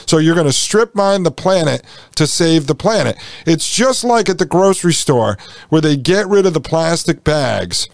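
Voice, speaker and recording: A man's voice: a little high, lively intonation, normal speed, gravelly, no room sound. A man hosting a podcast in casual chat, sarcastic and wry, talking straight to his listeners. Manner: wry, sarcastic, addresses audience as folks. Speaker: podcast host. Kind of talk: casual conversational podcast talk.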